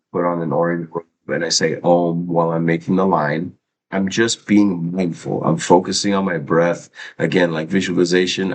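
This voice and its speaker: A man's voice: sits low, poor audio. A middle-aged man hosting a casual livestream, chatting loosely and teaching an art lesson on mindfulness, swearing now and then.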